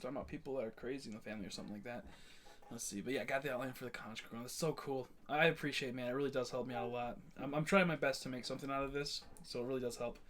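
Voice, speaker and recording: A young male streamer talks quickly while he plays, rambling from one point to the next. His chat is blunt and ranting, and he stumbles through plenty of fillers and false starts. His pitch sits in an ordinary middle range. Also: steady tone, a bit bright. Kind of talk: casual live-stream chat.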